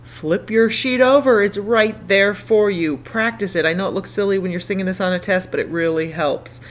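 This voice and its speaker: A woman's voice: mid-range voice, normal speed. A young adult woman teaching Spanish verb commands in a chatty, upbeat way, switching between explanation and short drills. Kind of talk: recorded classroom lesson.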